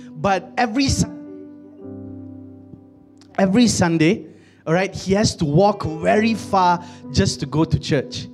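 A male pastor delivering a sermon in a chatty, humorous way, stumbling and repeating words as he goes. His voice sits on the high side. He addresses the congregation directly and keeps things light.

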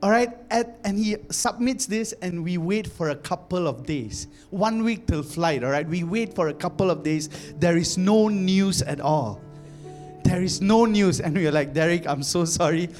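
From malaysia, guy preaching, high pitched, gets fervent, repeats lines a lot. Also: moderate pace, soft background music. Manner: animated storytelling, repeats phrases, builds to fervent exclamations. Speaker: pastor. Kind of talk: sermon.

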